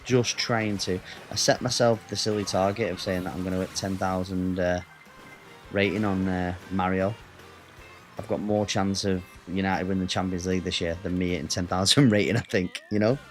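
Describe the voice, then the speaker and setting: A man's voice: sits low, steady tone, normal speed, soft background music. A man with an English accent chatting casually with his viewers as a gaming streamer, rambling and answering the chat.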